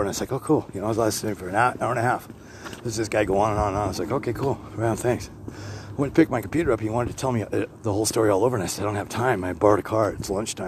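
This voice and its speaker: A low-voiced man rambles through a podcast as he walks outside. He talks bluntly, swears freely and keeps breaking off and restarting. Traffic and street noise run clearly under his voice. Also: darkish tone, poor audio. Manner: rambling, with frequent restarts and digressions. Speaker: podcast host. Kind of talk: rambling walk-and-talk monologue. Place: outdoors, walking neighborhood streets. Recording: outdoor street noise with passing vehicles. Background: passing traffic and street ambience.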